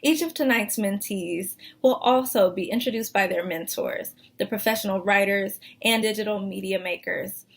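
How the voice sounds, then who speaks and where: Woman host, mid-pitched, measured and scripted, home recording. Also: gravelly. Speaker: event host. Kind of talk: scripted introduction.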